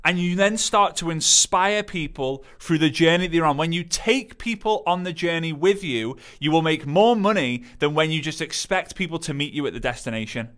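A man giving an animated motivational talk, acting out quotes in playful voices. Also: on the high side, moderate pace, few pauses. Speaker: motivational speaker.

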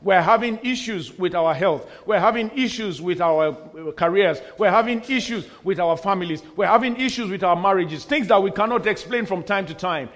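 A man delivers a sermon as pastor, his voice sitting fairly high for a man. He hammers home repeated refrains with emphasis. Now and then he slips in humorous asides. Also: normal speed, hardly any pauses, a bit bright.

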